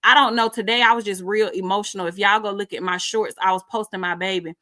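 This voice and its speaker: A woman's voice: mid-range voice, fairly even intonation, fast, bright, forceful tone, no echo. Middle-aged woman on a live, chatty and laughy, dry close sound. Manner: chatty, laughs often, informal slang. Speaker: live stream host. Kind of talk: casual live chat, reading comments.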